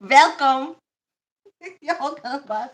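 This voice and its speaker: A woman's voice: medium pitch, animated, measured pace, a bit bright. A young woman from the United States hosting a casual livestream chat, blunt and joking, laughing often and swearing freely. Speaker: livestream host.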